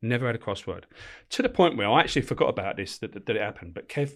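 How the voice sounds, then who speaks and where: A middle-aged man from England, a former prison officer, is a guest on a podcast, telling stories bluntly in a casual interview and swearing freely. His voice is fairly low, animated, and racing.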